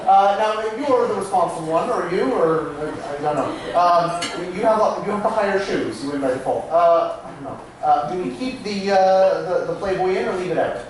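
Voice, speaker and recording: In a small theatre with a live crowd, a high-voiced man plays a stage magician, trading playful banter with volunteers and mocking himself through chatty asides. The sound is echoey and distant, recorded in the live room.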